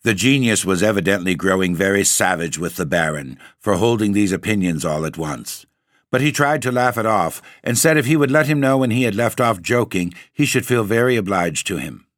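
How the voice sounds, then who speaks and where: A man narrating a classic ghost story in a theatrical, measured reading. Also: fairly low pitch, fairly bright tone, no echo, studio quality.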